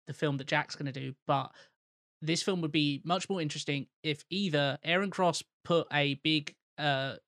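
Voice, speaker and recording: A wry man from the UK co-hosts a casual film podcast, rambling through his points. His voice sits a little higher than most men's and is recorded dry and close. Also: fairly bright tone, no echo. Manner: wry, rambling with fillers and restarts. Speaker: podcast co-host.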